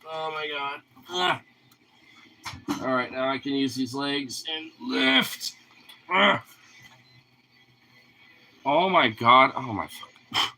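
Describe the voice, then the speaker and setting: A young man at home talking to his husky dogs, mixing teasing baby talk with swearing. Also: a little high, pushed and bright, slight background noise. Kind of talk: casual talk to his pets.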